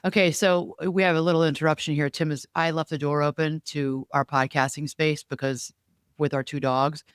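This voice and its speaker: A middle-aged woman co-hosting a podcast and coaching, talking in an animated, reflective way with many asides. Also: sits low, moderate pace, smooth, no echo, studio quality. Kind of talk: casual podcast chat. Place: home podcasting room.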